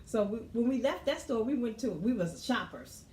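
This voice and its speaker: A woman's voice: on the high side, expressive, moderate pace, dark tone. A woman co-hosting a casual podcast, telling stories, laughing often and repeating her words as she gets going. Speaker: co-host. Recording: roomy echo, faint background noise.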